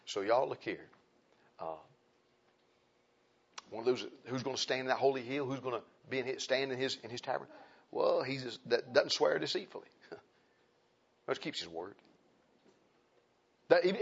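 A man preaching with a gravelly, husky voice that rises and falls in a lively sing-song. His folksy sermon drops to hushed asides, then jumps to loud exclaims. The recording is dull and lo-fi. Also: mid-range voice. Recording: dull lo-fi sound.

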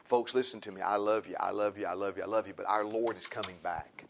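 Impassioned preacher, lo-fi. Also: male voice, fairly low pitch, steady tone, fast talker, creaky. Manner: impassioned, repetitive, swings from loud emphasis to quiet pleading. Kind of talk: sermon. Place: church. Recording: dull lo-fi recording.

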